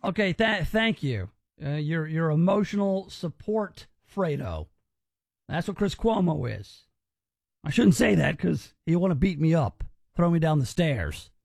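Male commentary host, higher voice, sarcastic and mocking, dry close sound. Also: lively intonation, measured pace, gravelly, no echo. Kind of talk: opinionated commentary.

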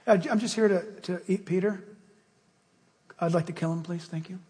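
A man voicing a sly male devil who speaks in a falsely polite, hushed way. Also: high voice, fairly even intonation, normal speed, voice pushed down, lightly acted. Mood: mock-polite. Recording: long hall reverb.

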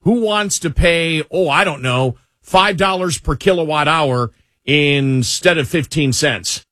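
A man's voice: on the high side, slow, sharp tone, dry recording, clean studio sound. A man hosting political talk radio, scornful and emphatic, often repeating himself as he builds a point.

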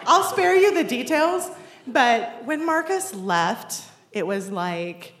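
Woman, 40s, storyteller; dry self-deprecating humor, slightly high voice, echoey room. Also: animated, slow pace, a bit bright. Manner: wry, self-deprecating, laughing through the story. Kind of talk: personal storytelling to a live audience. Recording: roomy echo.

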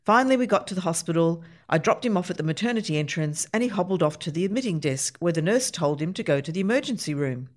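A woman reading short humorous anecdotes aloud for a radio reading service, steady with a light, playful touch on the punchlines. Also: fairly low pitch, fast, few pauses. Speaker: reader of humor pieces.

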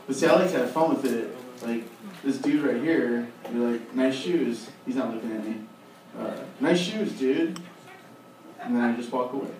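Male stand-up comic, deadpan delivery, distant mic, room echo and background noise. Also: mid-range voice, brisk. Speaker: stand-up comedian. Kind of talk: stand-up comedy routine. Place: comedy club stage. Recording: roomy club from a distance, noisy.

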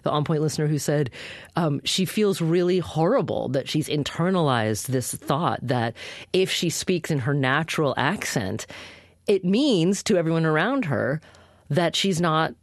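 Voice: mid-range voice, lively intonation, a little slow, dry recording, clean studio sound. Radio host reflecting on the guest's points. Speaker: radio talk show host. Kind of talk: radio interview hosting.

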